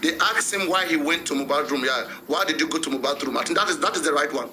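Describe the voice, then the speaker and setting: A man's voice: on the high side, fast, noisy background. A man with a Nigerian accent hosting a gossip show, chatting casually and mixing Pidgin into his English. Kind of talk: casual commentary.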